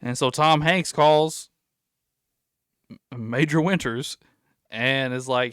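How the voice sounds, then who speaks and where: A man's voice: medium pitch, slow, pauses often, a bit bright, clear, resonant tone, dry recording, clean studio sound. A man hosting a casual podcast, telling stories at length and acting out what people said. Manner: rambling storyteller, acts out quotes. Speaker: podcast host.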